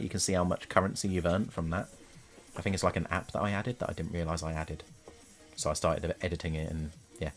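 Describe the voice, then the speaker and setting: Low-voiced male streamer, playful casual chatter over soft background music. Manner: chatty and playful, quick to laugh. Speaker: livestreamer painting miniatures. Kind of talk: casual live-stream chat.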